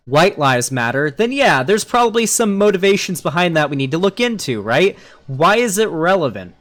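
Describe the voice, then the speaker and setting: Guy doing a reaction vid, kinda higher voice, sarcastic and sweary. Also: a bit bright. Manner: mocking, casual, swears freely. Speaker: political commentary youtuber. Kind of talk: reaction video commentary.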